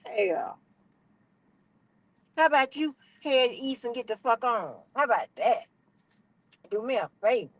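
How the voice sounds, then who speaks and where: A middle-aged woman, telling a story as an animated, profane, exasperated rant on her stream. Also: on the high side, unhurried, long pauses, no room sound, poor audio.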